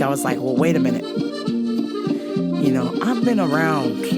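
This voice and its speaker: A woman hosting a podcast, telling stories in a blunt, profane, casual way and laughing often. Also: deep voice. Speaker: podcast host. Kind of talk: casual storytelling chat.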